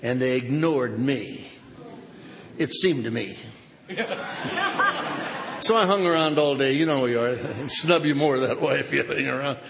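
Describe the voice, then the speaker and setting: An older man tells a humorous story at a recovery meeting, his delivery sardonic and punchy. His mid-range, slightly bright voice is unhurried with frequent pauses, and the hall is reverberant with background noise.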